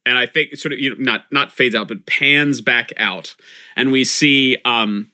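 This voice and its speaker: Man, game master, bright voice, cinematic narration, lots of ums and restarts. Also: medium pitch, normal speed. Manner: cinematic scene narration with frequent fillers.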